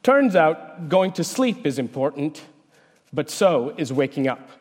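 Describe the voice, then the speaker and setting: A man, a researcher, giving a prepared talk in a measured, explanatory way. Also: on the high side, very animated, darkish tone. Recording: long hall reverb.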